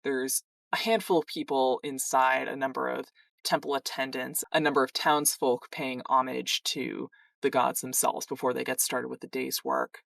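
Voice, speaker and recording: A game master slowly narrating a tabletop campaign scene in a descriptive voice. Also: mid-range voice, little pitch movement, vocal fry, a bit bright, dry recording, far from the mic.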